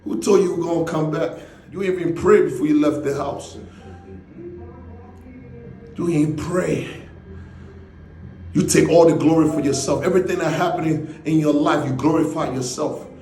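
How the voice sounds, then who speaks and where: A man giving an intense motivational speech, often shouting and firing off rhetorical questions. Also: a little high, fairly even intonation, moderate pace, long pauses, echoey room. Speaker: motivational speaker.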